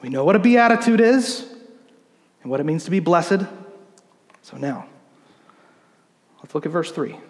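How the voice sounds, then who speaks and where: A man, a pastor, preaching a sermon in an explanatory teaching manner, slowing down to read scripture. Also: fairly high pitch, lively intonation, long reverb tail.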